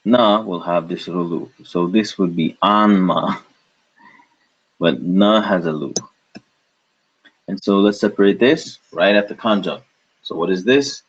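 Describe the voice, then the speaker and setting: A man's voice: low-pitched, measured pace, long pauses, breathy edge. A man teaching a language lesson, patiently breaking words into syllables and repeating them. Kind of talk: slow step-by-step lesson. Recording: dull lo-fi recording.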